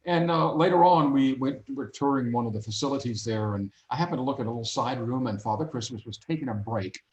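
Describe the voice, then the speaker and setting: Man, mid-pitched, lively storyteller, playful voices, casual interview, roomy echo. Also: fast talker. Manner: animated, acts out voices in anecdotes. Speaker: guest.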